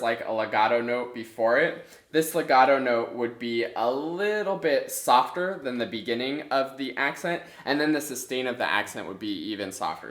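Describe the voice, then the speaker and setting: Guy explaining clarinet stuff step by step, bright forceful voice, roomy echo. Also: medium pitch. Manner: clear, methodical explaining. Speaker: clarinet teacher. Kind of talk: instructional video. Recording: echoey room.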